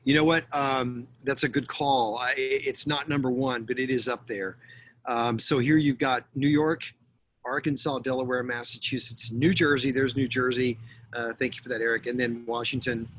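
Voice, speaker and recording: A man's voice: mid-range voice, fairly even intonation, moderate pace, a bit bright. A middle-aged man from Texas giving an online lecture, chatty and jokey with lots of fillers. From Texas, USA. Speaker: guest lecturer. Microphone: video call.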